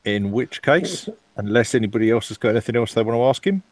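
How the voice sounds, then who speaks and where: A man taking part as a player in a tabletop role-playing game, speaking in a dry, deliberate way. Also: mid-range voice, expressive, dry recording. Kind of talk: casual tabletop game play.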